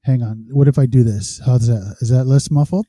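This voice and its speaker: A man with a deep, very dark voice co-hosts a live stream in casual chat. He rambles as he fiddles with his sound gear, and his mic sounds dry and close. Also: brisk, dry recording. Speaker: podcast co-host.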